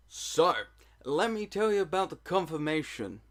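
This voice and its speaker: A man's voice: on the high side, lively intonation, moderate pace. A young man telling a childhood story to camera in a casual vlog, joking at his own expense and swearing freely. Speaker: storytelling vlogger.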